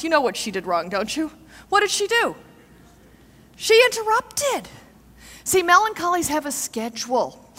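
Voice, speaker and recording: A woman giving a seminar talk to a live audience, animated, asking the audience questions and acting out what people say. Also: sits high. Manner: animated, asks the audience questions and acts out quotes. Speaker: seminar speaker. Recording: long hall reverb.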